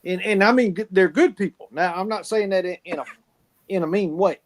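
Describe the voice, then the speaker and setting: A man's voice: high voice, fairly quick. A man telling folksy stories in casual chat, swearing freely and laughing often. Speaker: podcast co-host.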